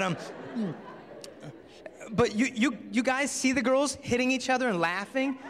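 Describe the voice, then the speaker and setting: A young man gives an animated, story-driven talk to a crowd of teenagers as a chastity speaker. He acts out the voices of the characters in his stories. His slightly high voice rings with the long echo of a large, reverberant hall.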